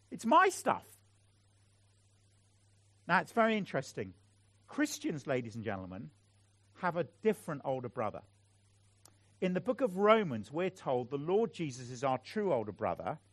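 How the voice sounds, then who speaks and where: A middle-aged man delivers a sermon in a fairly high, lively voice that rises and falls as he speaks. His earnest, pleading appeals to the congregation are recorded close and dry. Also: no room sound. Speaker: preacher.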